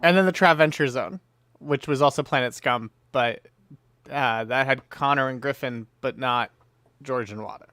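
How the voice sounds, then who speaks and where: A man's voice: medium pitch, normal speed, a bit bright, no room sound. A man co-hosting a podcast, telling anecdotes in matter-of-fact casual chat. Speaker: podcast co-host.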